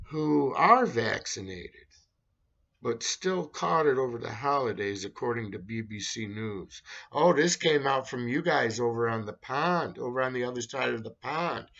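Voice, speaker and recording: Slow, gravelly sarcastic man. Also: medium pitch, a bit bright, muffled recording. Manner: sarcastic, rambling. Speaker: host. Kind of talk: casual monologue reading news.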